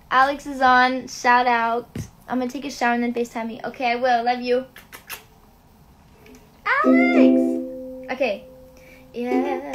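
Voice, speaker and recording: A young woman hosting a casual livestream, chatting to viewers, reading out their comments and answering them. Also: a little high. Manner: chatty and relaxed between songs, singing to ukulele. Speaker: livestream host and singer. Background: her own ukulele playing.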